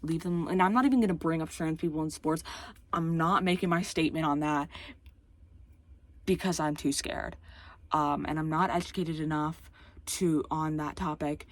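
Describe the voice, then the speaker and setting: A woman rants into the camera in a casual vlog, her voice fairly low for a woman and her speech slightly slurred by a dental retainer. She sounds heated and exasperated, stops and restarts often, and her voice cracks now and then. The recording is close and dry, with no room sound. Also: fairly even intonation, normal speed, no echo. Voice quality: occasional voice cracks. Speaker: YouTuber.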